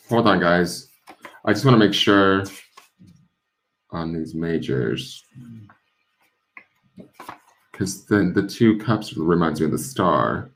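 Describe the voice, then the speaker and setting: A man hosting a casual tarot deck unboxing stream, playful and joking as he goes. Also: low-pitched. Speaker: tarot reader and channel host.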